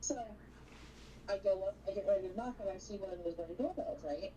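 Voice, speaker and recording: A woman's voice: mid-range voice, a little fast, recorded from a distance, highs cut off, a little hiss or hum. A woman co-hosting a casual livestream, telling a dating story animatedly and acting out what people said. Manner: animated storyteller, acts out quotes. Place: home livestream setup.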